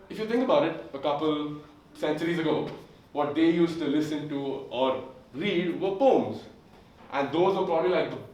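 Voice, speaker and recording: A sick young man performs rambling, filler-heavy stand-up on an indoor comedy club stage. His voice is a little high with a darkish tone, and the recording sounds echoey and distant.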